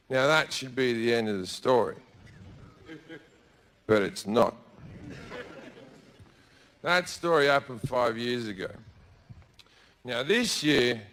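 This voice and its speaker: A man telling a crude story as a stand-up comedian on a theatre stage, with deadpan asides and shouted put-on voices. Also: medium pitch, smooth. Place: theatre stage before a laughing audience.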